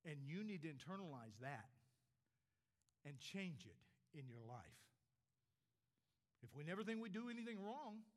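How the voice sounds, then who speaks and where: An older man in his sixties delivers a sermon from the front of a church. His voice sits a little high for a man. He pushes up on his points, then drops low and quiet to land the important words. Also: big pitch swings, a little slow, pauses often. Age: 60s. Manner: swings between emphatic rises and quiet, low drops on key words. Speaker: preacher.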